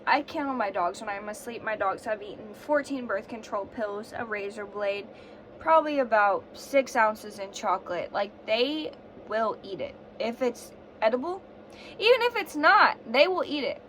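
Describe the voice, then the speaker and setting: Sick young woman ranting on her vlog, swears a ton, kinda high voice, faint room hum. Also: lively intonation, moderate pace, fairly bright tone. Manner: profane, ranting, dramatic. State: sick with fever and sore throat. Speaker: vlogger. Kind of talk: casual storytime vlog.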